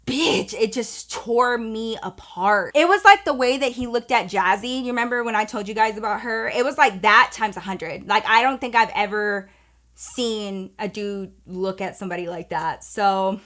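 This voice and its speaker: A woman's voice: mid-range voice, normal speed, a bit bright. A young woman telling a personal story to her viewers in a candid, profane, chatty way. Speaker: storytime vlogger. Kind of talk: casual storytelling.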